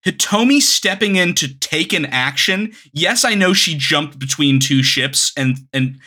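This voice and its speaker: A man's voice: a little high, lively intonation, unhurried, sharp tone. A man co-hosting a podcast, chatting casually and swearing freely. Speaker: podcast co-host. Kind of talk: casual chat.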